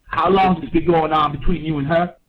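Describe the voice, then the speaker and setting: A man's voice: on the high side, fairly even intonation, fast talker, lightly acted. A man on a prank phone call, angrily accusing the other party, heard over dull lo-fi phone audio. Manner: angry, accusing. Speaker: prank caller.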